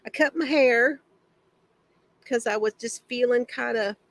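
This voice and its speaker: A woman's voice: a little high, a little slow, dry recording. A woman hosting a casual craft livestream from her home shed, greeting viewers by name, chatty and often laughing.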